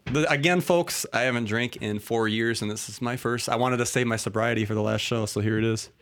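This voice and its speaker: Fairly quick and fairly bright in tone, this mid-range male voice belongs to a podcast host who's had a bit to drink. He laughs and rambles through casual conversation on his talk show.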